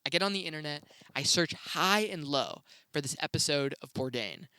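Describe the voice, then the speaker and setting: A young man tells stories on his own show in a relaxed, chatty way, his voice lifting when something excites him. His tone is bright and smooth, recorded close and dry with no room around it. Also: fairly high pitch, moderate pace, no room sound. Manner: laid-back, chatty, with excited rises. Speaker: podcast host. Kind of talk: casual solo storytelling.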